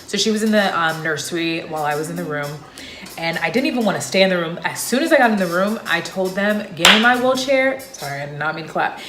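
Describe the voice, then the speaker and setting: Young woman vlogger, slightly low voice, chatty storyteller, roomy echo. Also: fast talker, music in the background. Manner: chatty, loose, with frequent fillers. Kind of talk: casual personal storytelling to camera. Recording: echoey room.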